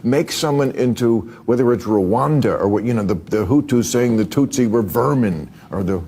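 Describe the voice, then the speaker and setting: Rambling man with a lively voice. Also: medium pitch, normal speed, husky. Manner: rambling, searching for words. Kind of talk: podcast discussion.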